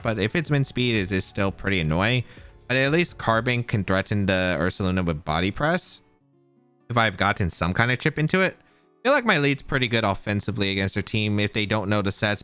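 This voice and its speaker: Guy talking through his match live, bright voice, lots of ups and downs in pitch, thinking out loud. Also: smooth. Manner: thinks aloud, second-guessing plays. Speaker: competitive game player. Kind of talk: live gameplay commentary.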